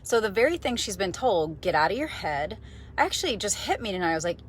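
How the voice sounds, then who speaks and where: A husky-voiced woman in her forties talks straight to her viewers from a parked car. She is eager and conversational, full of fillers and quick restarts, with a middle-pitched voice. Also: big pitch swings. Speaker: vlogger, mindset coach. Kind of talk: casual talking-to-camera vlog.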